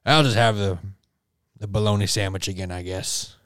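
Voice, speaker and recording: A man playing a hulking gruff thug with a low drawl. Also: fairly even intonation, moderate pace, fairly bright tone, dry recording, studio quality, close to an everyday voice. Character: hulking big-bellied male thug, gruff and loyal. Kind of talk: improvised comedy role-play.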